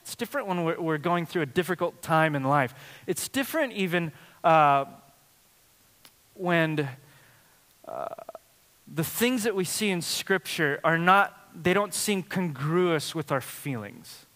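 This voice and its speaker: A man's voice: a little high, lively intonation, measured pace, a bit bright, in a large hall. A man preaching a sermon as pastor, telling stories in a conversational way with plenty of fillers. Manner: conversational, storytelling with frequent fillers.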